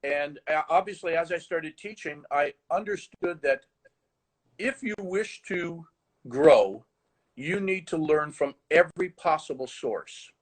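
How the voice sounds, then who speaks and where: A man who teaches the horn, telling stories in animated conversation with frequent restarts over a video call. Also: on the high side, a little slow, rough recording. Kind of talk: conversational storytelling.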